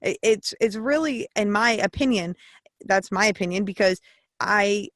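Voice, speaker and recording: A woman's voice: mid-range voice, moderate pace, no echo, studio quality. A woman hosting a podcast in casual interview chat, frank and rambling, swearing freely as she talks. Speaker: podcast host.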